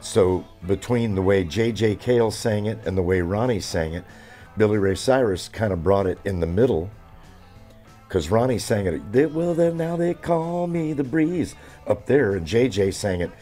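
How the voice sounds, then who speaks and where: Older man, seventies, very low voice, rambling interview storyteller, faint music underneath. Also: mellow. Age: 70s. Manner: rambling, halting with fillers and restarts. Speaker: drummer.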